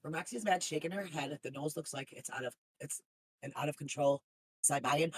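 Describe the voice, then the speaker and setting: A woman's voice: deep voice, fairly quick, husky. A woman streamer in casual chat, profane and joking, with mock-sweet asides.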